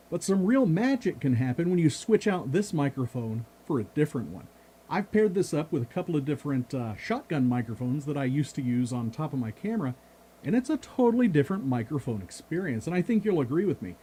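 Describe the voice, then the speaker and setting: A man's voice: a little high, sing-song, a little fast, dark tone, husky. A man casually reviewing a microphone, enthusiastic and jokey. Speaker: product reviewer.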